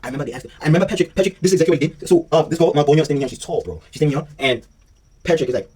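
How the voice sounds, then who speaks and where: A young man rattles through a personal story at breakneck speed, his voice husky and set a little high for a man. He talks in loose slang and acts out what others said. The mic sits some distance away, so he sounds a bit removed. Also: very fast. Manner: slangy, animated retelling with acted-out dialogue. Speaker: vlogger telling a story. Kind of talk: casual storytime monologue.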